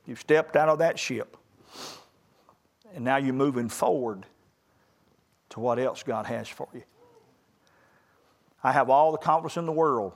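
A middle-aged man preaching a sermon to young graduates, building to loud emphatic peaks in a folksy way. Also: mid-range voice, a little slow, long pauses. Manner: rising to loud emphatic peaks, southern colloquial phrasing.

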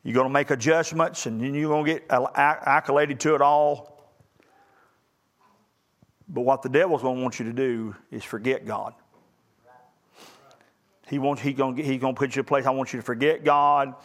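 A middle-aged man preaching a sermon to young graduates, building to loud emphatic peaks in a folksy way. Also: medium pitch, steady tone, normal speed, pauses often. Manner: rising to loud emphatic peaks, southern colloquial phrasing.

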